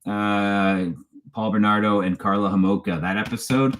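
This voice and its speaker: Chatty man, slightly low voice. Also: fairly even intonation, normal speed, fairly bright tone. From Canada. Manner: rambling and chatty, laughs often, reads viewer questions aloud. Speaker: true crime channel host. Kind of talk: casual live-stream chat.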